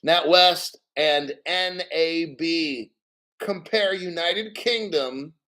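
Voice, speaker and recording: A man's voice: on the high side, extremely slow, sharp tone. Blunt, profane male livestream host. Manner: reads chat comments aloud. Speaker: livestream host reading news. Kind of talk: casual livestream commentary.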